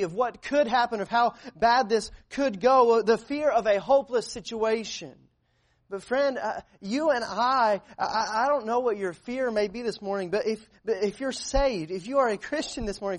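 A man preaching a sermon as pastor, earnest, with frequent fillers and restarts. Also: high voice.

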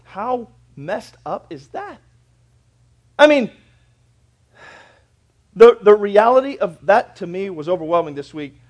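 A male pastor preaching in a church through a stage microphone. His voice sits high and climbs even higher when he shouts scripture, then drops to a soft, confiding tone for stories. The delivery is a passionate sermon. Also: takes it slowly, pauses often. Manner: swings from loud fervent preaching to quiet storytelling.

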